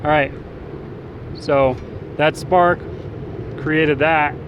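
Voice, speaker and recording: Male outdoor survival instructor, slightly high voice, halting, filler-heavy delivery, noisy windy outdoor recording. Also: muffled recording. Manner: relaxed, halting, with many fillers and restarts. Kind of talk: outdoor demonstration. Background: wind and outdoor noise.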